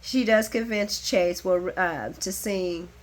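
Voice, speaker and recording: A woman giving a casual, animated recap of a soap opera, chatty and blunt, laughing often and swearing freely. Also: mid-range voice, slow pace.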